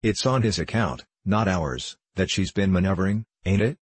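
A man's voice: deep voice, lively intonation, normal speed, slightly rough, dry recording. A man reading a sly male convict who speaks in elegant slang and mocks his mates. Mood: mocking. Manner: sardonic, condescending.

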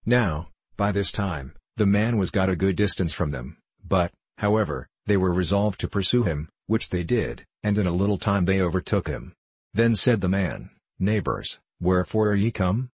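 A man narrating an old-fashioned story in a measured, formal way. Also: low-pitched, animated, breathy edge, no room sound. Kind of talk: audiobook narration of an old allegory.

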